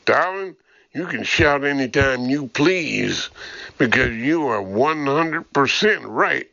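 A man voicing a jovial, teasing tough older man with a gruff manner, in a dull lo-fi recording. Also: mid-range voice, animated, takes it slowly, bright, forceful tone, no echo, exaggerated voice.

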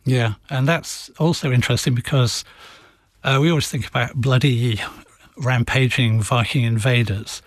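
A man speaking as an interview guest, calm and explanatory, sprinkling dry jokes into his stories. His voice sits in a middle pitch and the recording is close and dry, with no room echo. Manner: measured, explanatory storyteller with dry humor. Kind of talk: conversational radio interview.

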